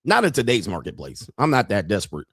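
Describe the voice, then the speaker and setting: A man's voice: on the low side, huge pitch swings, fast talker, fairly bright tone, breathy edge, no echo. Middle-aged guy on a livestream, crude and joking, dead dry sound. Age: 50s. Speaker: livestream host. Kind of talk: casual livestream commentary.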